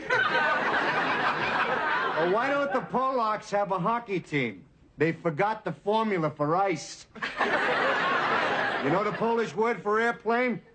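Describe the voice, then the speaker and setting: A calm, dry-witted police officer in a studio sitcom. He speaks in a deadpan way with a slightly raised pitch. Loud audience laughter fills the recording. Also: heavy background noise. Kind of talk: 1980s sitcom acting.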